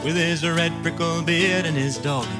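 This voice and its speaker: A woman's voice: low-pitched, normal speed. A woman reciting a spoken-word ballad over music with a wry, rhythmic delivery.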